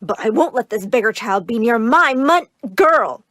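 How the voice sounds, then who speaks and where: Brief: woman voicing a shrill bossy cartoon mother, dry close sound. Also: lively intonation, normal speed, fairly bright tone, no echo. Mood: shrieking. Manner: shrieking, commanding. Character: shrill money-obsessed mother, bossy and scornful.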